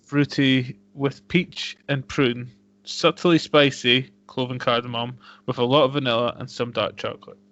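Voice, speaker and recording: A man's voice: mid-range voice, fairly even intonation, unhurried, fairly bright tone. A man co-hosting a casual whisky-tasting podcast, making dry jokey asides and reading out tasting notes. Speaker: podcast co-host. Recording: dull lo-fi home podcast recording.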